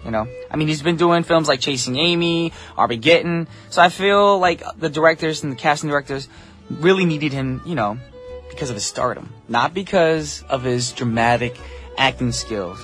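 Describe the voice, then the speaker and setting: A man's voice: fairly high pitch, a bit bright, faint music behind. A man hosting a morning radio show from the studio, chatting casually and upbeat with listeners. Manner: upbeat, chatty, quick asides. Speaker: radio DJ host. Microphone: studio mic.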